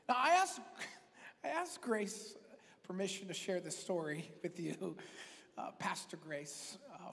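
A man preaching a sermon as pastor, talking in a conversational, joking way that breaks into loud, emphatic bursts. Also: sits high. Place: church hall. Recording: long reverb of a church hall.

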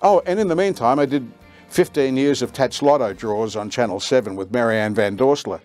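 An older Australian man, a veteran radio announcer and voiceover artist, recalls his career with lively storytelling and acts out quoted lines. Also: mid-range voice, moderate pace, soft background music. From Queensland, Australia.

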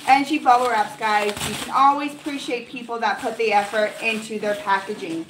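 A young adult woman vlogger chatting casually through an unboxing, gushing and excitable, with lots of 'like' fillers. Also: on the high side, brisk, noisy background. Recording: roomy echo with faint music.

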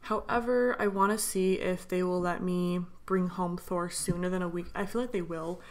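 A tired young woman vlogger in a casual voiceover, rambling excitedly with lots of fillers. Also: lowish voice, moderate pace, a little hiss or hum. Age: young adult. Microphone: voiceover mic.

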